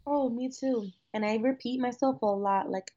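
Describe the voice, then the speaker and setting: A woman co-hosting a podcast in casual chat, talking fast and swearing freely. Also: on the high side, dark tone, highs cut off. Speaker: podcast co-host.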